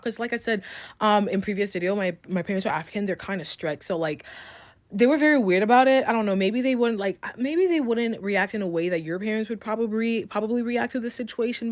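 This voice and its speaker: A young adult woman telling a story straight to her viewers, plain spoken and full of swearing. Her delivery is animated and unfiltered, like a casual storytime video. Her pitch sits in a normal middle range. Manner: candid, profane, animated retelling. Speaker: storytime vlogger.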